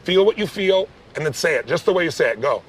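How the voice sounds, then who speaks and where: Man, life coach, fast-talking, intense, direct questions, faint background hiss. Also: fairly high pitch, animated. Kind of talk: live coaching session.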